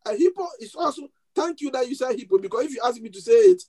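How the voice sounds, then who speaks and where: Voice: high-pitched, animated, fast talker, crowd noise, rough recording. A pastor with a foreign accent preaching a sermon to a congregation, asking them questions and repeating key words. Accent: non-native accent. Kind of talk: sermon with call and response. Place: church service before a congregation.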